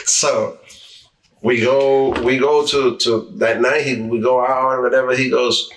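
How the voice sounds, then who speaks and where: A man's voice: mid-range voice, wildly swooping pitch, takes it slowly, long pauses, a bit bright, far from the mic. A man from the New York area, an interviewee telling casual stories, who acts out quoted dialogue and often restarts his words. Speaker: interviewee, former street racer. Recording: roomy sound, mic set back from speaker.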